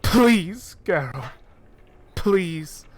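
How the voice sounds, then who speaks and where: A woman's voice: expressive, extremely slow, a little mellow, breathy edge, exaggerated voice. A man voicing a desperate young alchemist woman who pleads through tears. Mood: pleading. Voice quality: high, tearful pleading.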